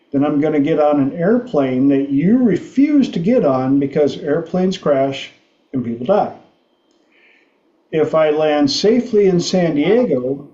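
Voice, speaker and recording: A middle-aged man hosting a livestream talk show, telling stories slowly with frequent restarts. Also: fairly high pitch, warm tone, roomy sound, muffled recording. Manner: slow, halting storytelling with restarts. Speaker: podcast host.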